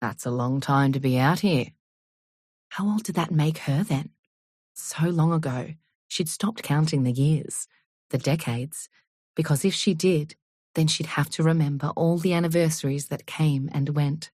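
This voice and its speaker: A woman reading an audiobook in a measured, unhurried storytelling manner. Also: low-pitched, darkish tone, slightly rough, no room sound, clean studio sound. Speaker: audiobook narrator. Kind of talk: scripted audiobook narration.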